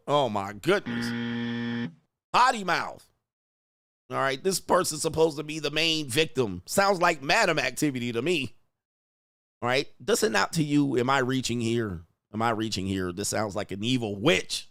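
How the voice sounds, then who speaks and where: A man's voice: medium pitch, moderate pace, a bit bright, no room sound, clean studio sound. A man hosting a reaction commentary, talking in a blunt, mocking and exclaiming way. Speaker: host.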